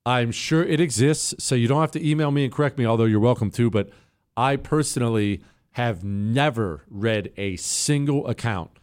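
Animated male talk radio host. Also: normal speed, clean tone. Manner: animated, swings high when incredulous. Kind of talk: casual talk radio monologue.

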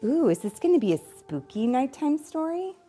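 A young adult mother reading a bedtime storybook aloud, animated, with playful asides. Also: high voice, moderate pace, faint music behind.

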